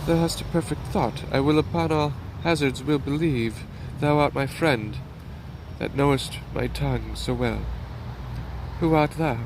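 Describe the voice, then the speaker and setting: Wary soldier on night watch, read by a man, slow and earnest, faint outdoor noise. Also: medium pitch, natural voice.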